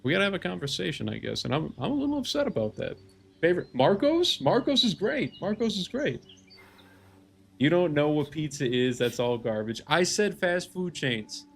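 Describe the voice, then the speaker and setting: A man's voice: a little high, very animated, brisk, gravelly, a little hiss or hum. A man in his thirties, a game streamer chatting casually on a live stream, rambling and swearing in mock rants. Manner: rambling, profane, mock-ranting.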